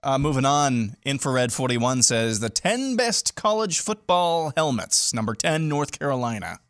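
Man, co-host, reads list items briskly, dry studio sound. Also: medium pitch, very animated, fairly bright tone, clear, resonant tone, no echo. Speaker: co-host reading listener lists. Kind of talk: casual talk-show banter.

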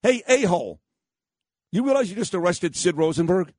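A jovial, hearty police sergeant, his voice pushed up higher and louder, as a radio host puts him on. Eager and friendly, he sounds close and dry. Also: big pitch swings, moderate pace, no room sound.

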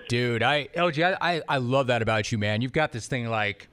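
A man's voice: mid-range voice, lively intonation, fairly quick, a bit bright, clear, resonant tone. Enthusiastic male podcast host. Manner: enthusiastic, emphatic. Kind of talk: interview questions.

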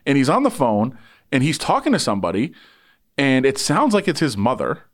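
A man's voice: medium pitch, fairly quick. A man who works as a sports reporter, telling a long story in casual chat and acting out the people in it. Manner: animated, voices people in anecdotes.

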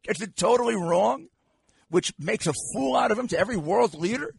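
Husky gravelly older New man. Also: high-pitched, fairly quick, dry recording, clean studio sound. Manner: animated, repeats and restarts phrases. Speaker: radio talk show host. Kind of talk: political talk radio chat.

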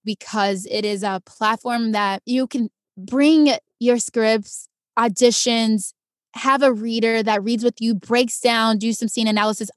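A young adult woman chats easily as an interview guest, jumping into lively quoted voices while she tells her stories. Her voice sits fairly high and the recording is close and dry. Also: dry recording. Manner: animated storyteller, acts out quoted voices. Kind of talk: casual interview chat.

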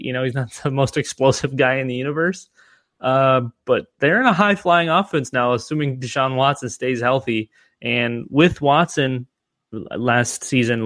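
A man's voice: medium pitch, a bit bright, no room sound. A man co-hosting a podcast, talking casually and rambling with many restarts and fillers. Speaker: podcast co-host. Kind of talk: casual fantasy football discussion.

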